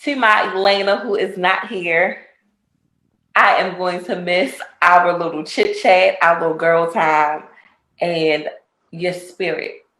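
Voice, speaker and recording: A woman's voice: lowish voice, a bit bright, reverberant. A woman co-host giving an affectionate farewell speech, laughing between lines. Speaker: talk show co-host.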